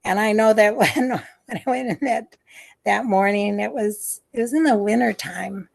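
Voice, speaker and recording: This is a medium-pitched, creaky female voice at a moderate pace. It belongs to an older woman who worked as a nurse, recalling memories in a video-call interview in a hesitant way, heavy with fillers and restarts, with soft sighs.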